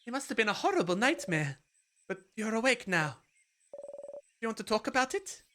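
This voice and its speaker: A streamer voicing Mirabelle, a kind and worried young woman, reading game dialogue in a high, anxious voice. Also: sing-song, normal speed, bright, forceful tone, slight background noise. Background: game music.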